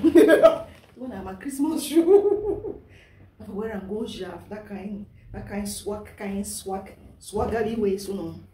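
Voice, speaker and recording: A woman's voice: mid-range voice, dark tone, far from the mic, a little hiss or hum. Laughing Nigerian woman in an echoey room. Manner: laughs often, mixes Pidgin into English. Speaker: vlogger. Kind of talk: casual unboxing vlog.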